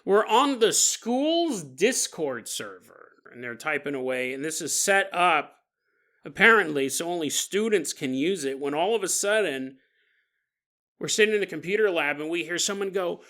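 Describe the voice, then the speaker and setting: Animated and playful, this forties-aged podcast host recounts a paranormal story with jokes and goofy voices aimed at listeners. He speaks at normal speed in a voice on the high side.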